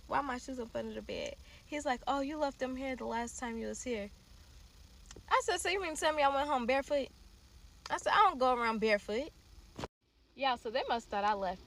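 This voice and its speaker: A woman's voice: medium pitch, creaky, fairly bright tone, slight background noise. A young woman telling a dramatic personal story straight to her viewers in a casual storytime vlog. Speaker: storytime vlogger.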